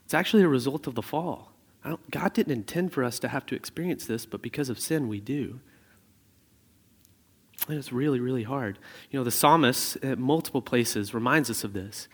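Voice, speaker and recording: A man in his thirties preaching a sermon in a conversational way, telling stories with animated asides. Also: medium pitch, normal speed, slightly rough. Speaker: pastor. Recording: reverberant hall sound.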